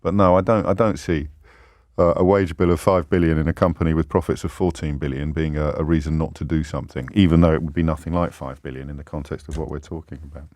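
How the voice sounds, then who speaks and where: A man hosting a talk radio phone-in, speaking in an animated, indignant way and firing off rhetorical questions. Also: a bass voice, fast talker, no echo, clean studio sound. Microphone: studio microphone.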